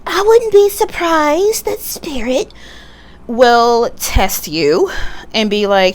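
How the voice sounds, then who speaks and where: A woman's voice: high-pitched, lively intonation, takes it slowly. A woman giving a casual tarot reading at home, chatty and blunt, swearing freely and laughing often. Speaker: tarot reader. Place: at home, sitting back in a computer chair.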